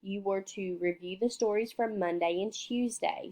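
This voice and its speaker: A woman teaching young children remotely, slowly sounding out words in a patient, sing-song way and answering her own questions. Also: mid-range voice, a little mellow.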